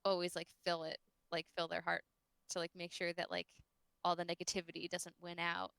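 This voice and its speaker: Bright, crisp-voiced female podcast guest. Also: on the low side, monotone, fairly quick, no room sound. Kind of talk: casual podcast chat.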